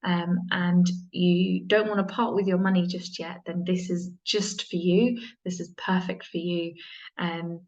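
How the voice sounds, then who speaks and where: A woman spiritual mentor talking earnestly to her viewers, repeating herself and restarting lines, with soft breathy emphasis. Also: on the low side, flat delivery, a little slow, muffled recording. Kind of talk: earnest inspirational talk to viewers.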